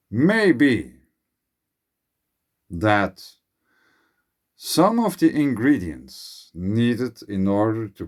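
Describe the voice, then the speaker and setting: A man with a Finnish accent muses aloud in a solo talk, unhurried and deliberate. His voice sits a little low, and his English phrasing is slightly uneven as he ponders and speculates. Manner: slow, musing, non-native phrasing. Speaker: channel host. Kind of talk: speculative monologue.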